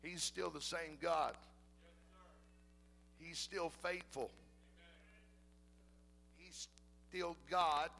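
Gravelly, bright-voiced preaching pastor. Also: male voice, a little high, fairly even intonation, extremely slow, long pauses, soft background music, poor audio. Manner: shifts between loud preaching and soft intimate talk. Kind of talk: sermon.

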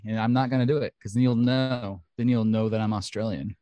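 A man co-hosting a podcast in casual chat, chatty, excitable and jokey. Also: medium pitch, brisk, smooth, dry recording. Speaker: podcast co-host.

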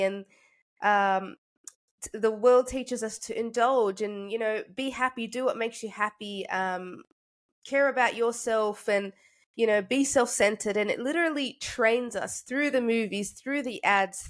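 A woman's voice: a little high, measured pace. A young woman hosting a faith podcast in a chatty, casual way, with many fillers, sounding congested. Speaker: podcast host.

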